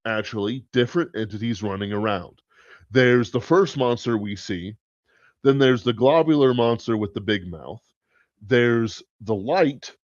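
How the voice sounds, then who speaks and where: A man's voice: medium pitch, a little mellow, dry recording. A man hosting a podcast, thinking aloud in casual, rambling commentary and swearing now and then. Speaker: podcast host. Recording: dull lo-fi sound, dry.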